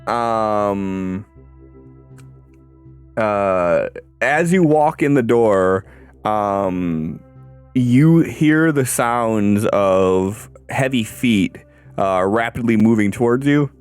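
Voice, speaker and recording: A man narrates a tabletop role-playing game as its game master, and he pauses often on ums and uhs. He talks slowly in a low, smooth voice, with faint music behind him. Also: lively intonation. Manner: halting, full of ums and uhs.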